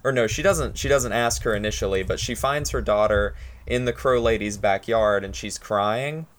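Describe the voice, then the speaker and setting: A man's voice: lowish voice, normal speed. A young man chatting casually on a podcast, rambling with many fillers as he retells a story.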